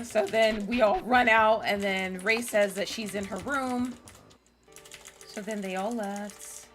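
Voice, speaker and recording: Chatty bright-voiced woman streamer. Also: medium pitch. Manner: chatty, giggly, loose, swears casually. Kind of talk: casual let's-play recap.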